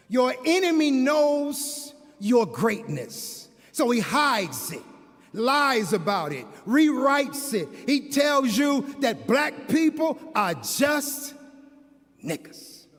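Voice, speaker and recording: A man preaching an impassioned sermon as a minister, building to shouts. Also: very high voice. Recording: long hall reverb.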